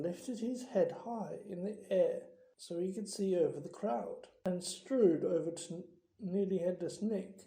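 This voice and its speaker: A reader narrating an audiobook in a slow, expressive storytelling manner. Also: mid-range voice, echoey room, poor audio.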